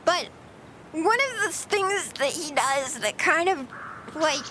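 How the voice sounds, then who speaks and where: A woman's voice: sits high, expressive, slow pace, background noise. A young woman streamer rambling through casual chat with her viewers, giggling often.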